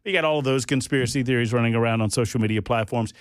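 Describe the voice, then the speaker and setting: A man's voice: medium pitch, very fast, clear, resonant tone, dry recording, clean studio sound. A man hosting a talk radio show, rambling and joking with lots of fillers and restarts. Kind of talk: casual talk radio banter. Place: radio studio.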